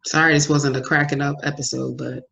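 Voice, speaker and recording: A woman with a slightly low voice co-hosts a podcast with a friend. She talks in an easy, conversational way and slips into quick impressions of other people's reactions. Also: level tone, vocal fry, a bit bright, lo-fi sound. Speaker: podcast co-host. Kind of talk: casual chat.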